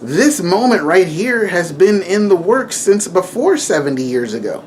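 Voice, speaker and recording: Animated rambling man preaching casually. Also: high voice, a little slow, slight background noise. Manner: rambling and animated, with frequent asides and self-corrections. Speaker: video preacher. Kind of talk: casual spiritual talk to camera.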